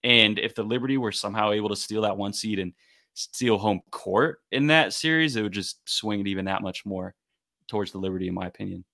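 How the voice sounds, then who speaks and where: A man's voice: fairly low pitch, fairly quick, creaky, sharp tone, no echo, studio quality. A man co-hosting a podcast, chatting casually and thinking aloud in long, qualified sentences. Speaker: podcast co-host. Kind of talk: casual sports chat.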